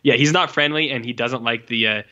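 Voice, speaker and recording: A man co-hosting a podcast in casual chat, animated and swearing freely, re-enacting lines with exaggerated reactions. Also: medium pitch, a little fast, muffled recording. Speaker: podcast co-host.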